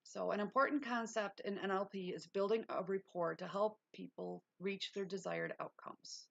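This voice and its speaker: A woman's voice: medium pitch, fairly even intonation, normal speed, vocal fry, highs cut off. A woman hosting a casual livestream lesson, reading notes aloud and breaking off into chatty asides. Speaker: livestream host.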